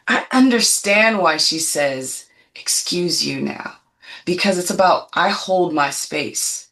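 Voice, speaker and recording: Emphatic woman in her fifties, low voice. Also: expressive, slow, a bit bright. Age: 50s. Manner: emphatic, self-assured storytelling. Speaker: guest. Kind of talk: casual panel chat.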